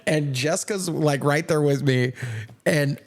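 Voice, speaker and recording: A man's voice: on the high side, huge pitch swings, slow, breathy edge. Young male podcast host, profane and rambling, casual storyteller.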